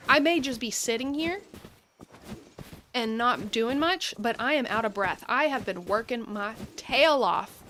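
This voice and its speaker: Chatty woman streamer, slightly high voice. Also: normal speed, pushed and bright, a little hiss or hum. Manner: chatty, rambling, enthusiastic tangents. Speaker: game streamer. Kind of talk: casual chat while streaming gameplay. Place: seated at a gaming setup.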